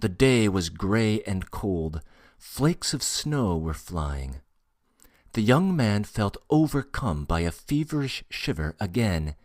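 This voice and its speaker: A man narrating a classic novel with a lowish voice and an expressive, rising-and-falling delivery. He reads slowly and deliberately into a close mic. The recording is dry, with no room sound. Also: no echo. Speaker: audiobook narrator. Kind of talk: scripted narration.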